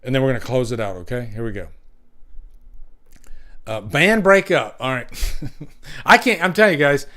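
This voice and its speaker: A man's voice: mid-range voice, animated, moderate pace, long pauses. A man hosting a casual livestream, rambling and chuckling often as he reads out jokes. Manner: wanders between loud and hushed. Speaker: livestream host. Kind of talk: casual live chat.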